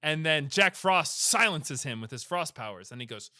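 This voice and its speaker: A man's voice: a little high, no echo, clean studio sound. Young man animatedly recapping a movie. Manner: animated storytelling, swearing, acting out characters in quick impressions. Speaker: podcast co-host. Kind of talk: casual comedic movie recap.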